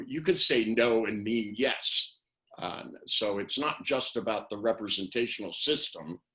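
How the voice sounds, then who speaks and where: In a casual webinar, an older NLP trainer being interviewed over video wanders from anecdote to anecdote, performing the lines he quotes. He speaks with a lowish, fairly bright voice.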